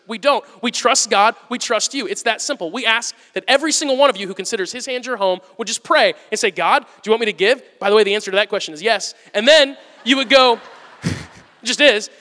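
A man preaching a sermon as pastor, telling a story with lively swings from loud excitement to hushed, earnest asides. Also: very high-pitched. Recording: long hall reverb.

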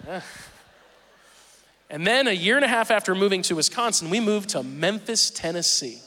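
Bright-voiced preacher telling stories from the pulpit. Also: male voice, high-pitched, brisk, long reverb tail, a little hiss or hum. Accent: Southern US. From Southern Missouri. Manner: animated, self-deprecating storytelling. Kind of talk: sermon with personal storytelling.

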